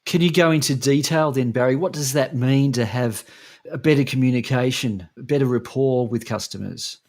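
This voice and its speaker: A male podcast host asks his guest plain, direct questions. His voice sits at an ordinary middle pitch. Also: moderate pace, darkish tone. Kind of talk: interview questions.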